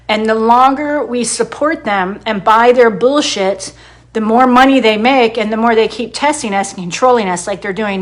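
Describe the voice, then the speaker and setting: A woman's voice: a little high, fairly bright tone. A middle-aged woman who works as a hairdresser, giving a blunt, heavily profane monologue and stressing points by repeating them. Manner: blunt and heavily profane, quoting herself in dialogue; emphatic, repeats herself for stress. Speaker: hairdresser and wellness advocate. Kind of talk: impassioned personal monologue to camera.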